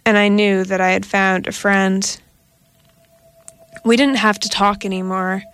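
A woman reading a science fiction story aloud as an audiobook narrator, in a slow, measured storytelling manner. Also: mid-range voice, fairly even intonation, a bit bright, clear, resonant tone, dry recording.

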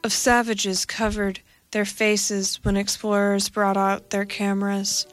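A woman voicing a dazed, haunted man who speaks in a strained, soft monotone in a read-aloud story. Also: mid-range voice, a little slow, soft background music, natural voice.

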